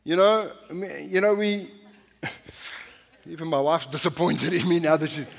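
A man's voice: on the high side, steady tone, a little slow, vocal fry, long reverb tail. A male pastor preaching a sermon in a conversational, anecdotal way, often restarting his sentences. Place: church sanctuary.

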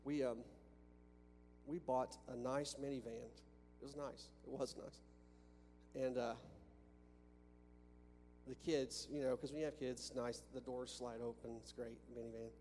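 A man's voice: mid-range voice, flat delivery, normal speed, pauses often, a little mellow, soft background music. A man preaching a sermon to a congregation in a church, talking conversationally with restarts and rhetorical questions. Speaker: pastor. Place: church sanctuary with a balcony. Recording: long reverb from a church hall with faint hum.

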